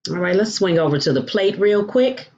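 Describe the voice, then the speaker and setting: Woman host, home cooking demo, mid-pitched voice, folksy endearments, slightly dull lo-fi recording. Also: animated, moderate pace, a little mellow. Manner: chatty, sprinkles in endearments like honey and baby; playful food exclamations.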